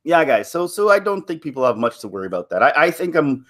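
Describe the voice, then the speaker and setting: A man's voice: on the high side, big pitch swings, quick pace, a bit bright. Rambling, chuckling man vlogger. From Canada. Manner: rambling, chuckling, many restarts. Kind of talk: casual solo commentary.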